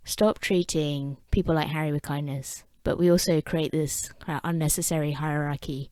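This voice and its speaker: A woman's voice: low-pitched, steady tone, normal speed, few pauses, darkish tone, no echo. A woman with an English accent hosting a podcast, talking in a casual monologue full of wry, self-mocking asides. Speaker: podcast host.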